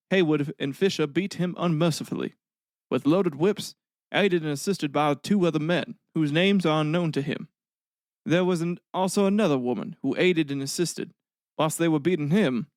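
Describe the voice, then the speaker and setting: A man doing a drawling Southern witness reading out a sworn statement in a slow, solemn, old-fashioned way. The voice sits a little high for a man. It sounds close and dry, with no room around it. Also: dry recording, close to an everyday voice. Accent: Southern US, put on. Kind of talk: dramatic reading of an old affidavit.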